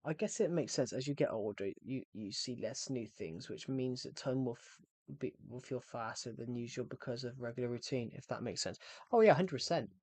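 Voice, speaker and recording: A man's voice: medium pitch, normal speed, a little mellow, husky, no room sound. A young man, chatting casually with his viewers during a livestream and often repeating himself. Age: 20s. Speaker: game streamer.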